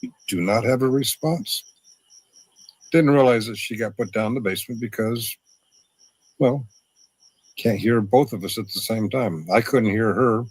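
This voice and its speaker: A man speaking defensively and haltingly on a replayed stream. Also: mid-range voice, husky, no room sound, low-quality recording. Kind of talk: defensive live-stream talk.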